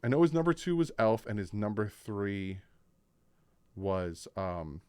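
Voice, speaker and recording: A young man with a smooth, clear voice and a slightly low pitch recaps a football episode in casual reaction commentary. He tells it with animation and acts out what the players said. The sound is dry and close. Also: measured pace, no room sound. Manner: animated storytelling, acts out quotes. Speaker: sports reaction host.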